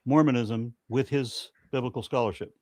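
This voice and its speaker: A man's voice: mid-range voice, steady tone, moderate pace, dark tone. A man in a live-streamed debate discussion, talking bluntly and with open exasperation, ready to swear when frustrated.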